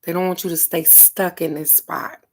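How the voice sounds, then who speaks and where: A woman's voice: lowish voice, level tone, moderate pace. A middle-aged woman doing a casual card-of-the-day reading, talking in a frank, earnest way with the odd swear. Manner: frank, earnest, occasionally profane. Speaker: oracle card reader.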